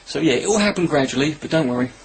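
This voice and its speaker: A man's voice: on the high side, lively intonation, racing, gravelly, a little hiss or hum. Sarcastic rambling man. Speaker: comedy vlogger. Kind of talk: rambling satirical monologue. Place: at home filming himself. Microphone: camera mic.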